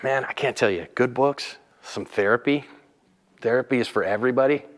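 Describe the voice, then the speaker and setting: A man hosting a casual instructional talk, earnest and emphatic, dropping low and quiet when he describes staying calm. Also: fairly quick, long reverb tail. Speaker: host.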